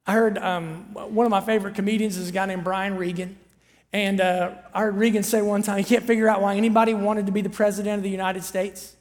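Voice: mid-range voice, flat delivery, fast talker. A pastor preaching a sermon in a chatty, storytelling way, with frequent asides to the listeners. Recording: long hall reverb.

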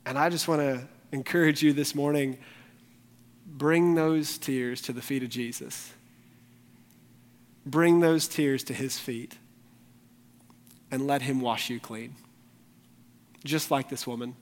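A man's voice: a little high, steady tone, a little slow, long pauses. A male pastor preaching a morning sermon, speaking earnestly and pleading directly with his congregation. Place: church sanctuary during a morning service. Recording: long reverb of a large hall.

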